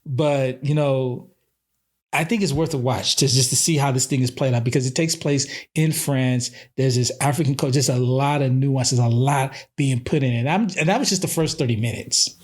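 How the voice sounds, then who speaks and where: Male podcast host, casual movie chat, lively storyteller. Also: medium pitch, moderate pace. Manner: animated storyteller, retells scenes with quoted voices.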